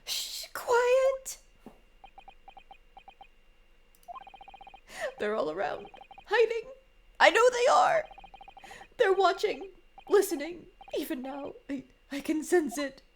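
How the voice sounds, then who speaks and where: A woman voicing an excitable, theatrical young male Japanese poet who speaks in melodramatic, alliterative outbursts. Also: extremely high pitch, moderate pace, slight background noise, voice pushed up, full character voice. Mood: paranoid.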